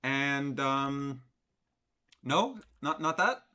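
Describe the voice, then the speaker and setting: A man's voice: medium pitch, expressive, drawn-out words, sharp tone, smooth. A man streaming live, reacting to a clip with sarcastic, rambling commentary full of fillers.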